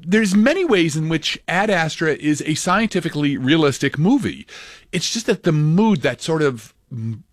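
Animated scientist guest, lots of restarts. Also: male voice, a little high, dry recording, clean studio sound. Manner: animated, halting with many restarts. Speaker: scientist guest, film script consultant. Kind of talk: casual interview talk.

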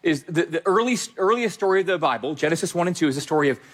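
A man preaching a sermon in a husky, slightly high voice. He speaks straight to his listeners and hammers points home through repetition. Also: animated, rapid-fire, fairly bright tone. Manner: emphatic, direct address, repeating key phrases. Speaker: pastor.

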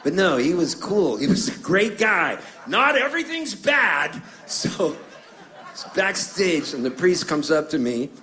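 Pitched a little high and paced in a measured way, a middle-aged Canadian man jokes around on stage between songs. He tells animated stories and acts out the voices of the people in them.

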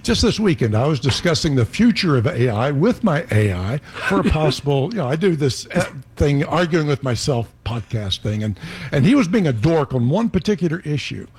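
A man's voice: fairly high pitch, big pitch swings, a little fast, darkish tone, a little hiss or hum. An older man co-hosting a talk show, telling folksy stories with some stammering.

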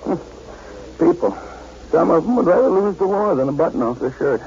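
A worn-out laundry owner grumbling about his customers in a 1940s radio drama. His voice is mellow and slightly raised in pitch. The broadcast sounds dull and lo-fi with faint hiss. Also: very animated, brisk, gravelly. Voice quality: grumbling, complaining. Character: weary, grumbling middle-aged laundry owner.

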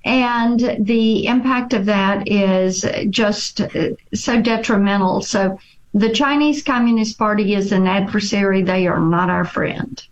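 A middle-aged woman speaks very slowly and deliberately, building her points through long lists of repeated phrases. Her voice sits at an ordinary pitch for a woman. The recording sounds dull and lo-fi. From Tennessee. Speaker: politician guest. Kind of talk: interview answers.

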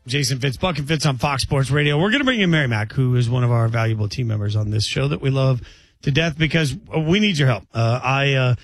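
A man's voice: mid-range voice, fairly quick, dry recording, soft background music. A man hosting a sports radio show, joking and chatty, with some hesitant restarts. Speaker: radio host. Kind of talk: casual sports radio talk.

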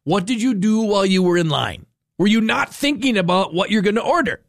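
A radio host chats his way through a casual segment, his voice sitting a little high for a man. He tells stories with lots of energy and slips into playful voices when he quotes people. The sound is close and dry, with no room echo. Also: fairly quick, vocal fry. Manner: chatty, animated storytelling with playful quoted voices. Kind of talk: casual talk radio chat.

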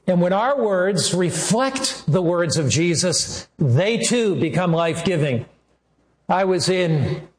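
A man preaching a sermon as a pastor, telling stories earnestly with slow, emphatic phrasing. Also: a little high. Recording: echoey room.

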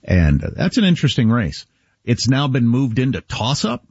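A man's voice: medium pitch, wildly swooping pitch, moderate pace, darkish tone, breathy edge, no room sound, lo-fi sound. A man from Kansas telling a story in casual talk-show chat, quoting dialogue as he goes.

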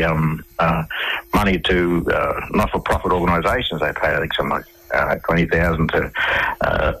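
A man's voice: low voice, a bit bright, slightly rough, low-quality recording. An Australian man talking as a radio interview guest, telling his stories in a rambling way with many fillers and restarts. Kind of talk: conversational storytelling.

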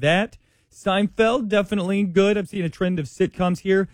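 A man, a producer co-hosting an entertainment show, reading a ranked list with quick asides. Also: high-pitched, dry recording, clean studio sound. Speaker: producer and co-host. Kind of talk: casual entertainment chat.

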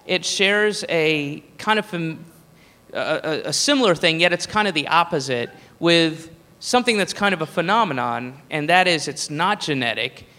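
A man doing a profane, rambling stand-up routine, with a fairly high, bright voice. His voice rings with long reverb from the club, with a faint hum of the room behind him. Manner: profane, rambling, laughing through bits. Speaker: stand-up comedian.

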